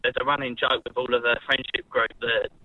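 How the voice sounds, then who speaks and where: A man's voice: mid-range voice, little pitch movement, fairly quick, no echo, narrow, tinny audio. An Australian man calling in to radio, laid-back and matey, telling a story. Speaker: caller. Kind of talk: phone-in call.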